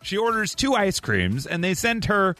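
A man's voice: high voice, very animated, normal speed, pushed and bright, no room sound, faint music behind. A man hosting a morning radio show, joking casually with callers and co-hosts and acting out other people's lines. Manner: jokey, playful, acts out other people's lines.

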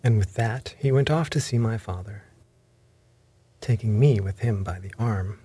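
A man reading a story aloud in first-person narration, measured and even. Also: on the low side, husky, no echo. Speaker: audiobook narrator.

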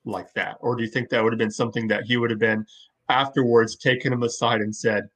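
A man's voice: medium pitch, level tone, fast, fairly bright tone, husky. A man co-hosting a casual fan podcast, thoughtful and questioning, with frequent hesitant fillers. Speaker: podcast co-host.

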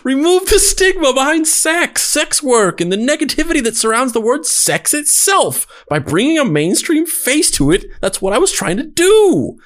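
A woman doing a mock dramatic reading as Legs, a male podcast persona, in an overwrought, theatrical way. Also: high voice.

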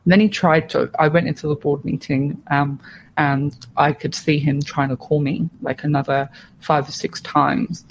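A woman speaks candidly as a podcast guest, her voice gravelly and her delivery notably even. She tells her story in a frank, steady way. A faint background hum sits under her voice. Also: low voice, moderate pace, rough recording. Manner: frank and steady, with plain swearing and restarts.

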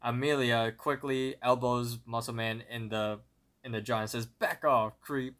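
A man's voice: medium pitch, flat delivery, moderate pace, a bit bright. A young man co-hosting a podcast, methodically retelling a cartoon episode's plot with small slips. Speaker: podcast co-host. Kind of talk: plot narration recap.

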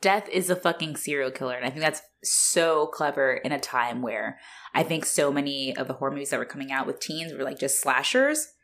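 A young woman co-hosting a casual chat about a horror movie, animated and profane, laughing often. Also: rumbling low, brisk. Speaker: podcast co-host.

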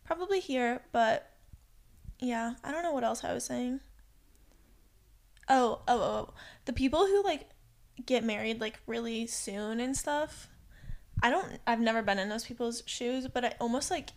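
A woman's voice: on the high side, normal speed. A woman in her twenties chatting candidly with friends, speaking in a loose, chatty way full of "like". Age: 20s. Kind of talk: casual chat among friends.

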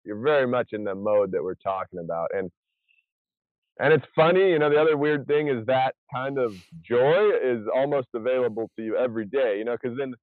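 A man's voice: mid-range voice, fairly quick, no echo. A man talking in a casual podcast chat as a guest, rambling with many restarts as he retells events. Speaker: podcast guest, survival show contestant. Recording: tinny phone-like sound.

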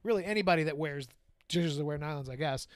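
A man's voice: fairly high pitch, fast, no room sound, studio quality. A man co-hosting a casual podcast, joking and teasing, swearing freely. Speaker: podcast co-host. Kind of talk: casual chat.

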